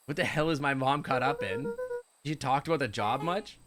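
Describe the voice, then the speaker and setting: A man's voice: medium pitch, animated, normal speed, music in the background. A Canadian man streaming a game live, rambling and joking with his viewers. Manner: rambling, jokey, chatting with viewers.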